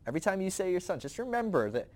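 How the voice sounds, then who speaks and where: A man voicing a patient, all-knowing deity who speaks in a calm, lower, quieter tone. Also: racing. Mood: gently firm.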